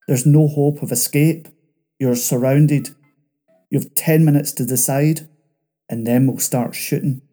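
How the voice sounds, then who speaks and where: A man voicing a stern FBI agent who barks surrender orders over a loudspeaker. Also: mid-range voice, steady tone, measured pace, faint music behind, close to an everyday voice. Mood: commanding. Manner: loud, commanding orders.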